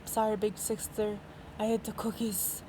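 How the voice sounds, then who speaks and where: A woman's voice: medium pitch, level tone, normal speed, noisy background, natural voice. A young woman voicing her pouty, whiny little sister.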